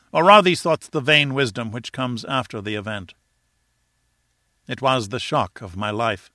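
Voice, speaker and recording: A man's voice: medium pitch, sharp tone, dry recording, studio quality. A man reading a classic novel aloud in the first person, with an earnest, dramatic delivery. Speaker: audiobook narrator. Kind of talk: first-person literary narration.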